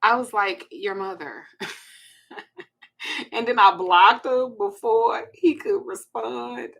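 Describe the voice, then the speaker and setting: A woman's voice: a little high, slow pace, gravelly, a bit bright. A woman with a Southern US accent hosting a casual monologue, blunt and laughing between her stories. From Texas. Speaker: host.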